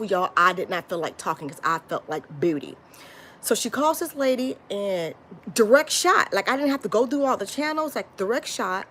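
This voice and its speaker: A woman's voice: a little high, a little hiss or hum. A woman from Florida, telling a rambling storytime to her viewers and calling them y'all. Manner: rambling, lively, addresses viewers as y'all, frequent restarts. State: tired. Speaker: vlogger. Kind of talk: casual storytime chat to viewers.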